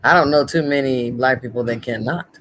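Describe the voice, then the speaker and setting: A woman's voice: extremely low pitch, brisk, a bit bright, a little hiss or hum. A woman co-hosting a podcast in casual chat, teasing in a dry way. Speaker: podcast co-host.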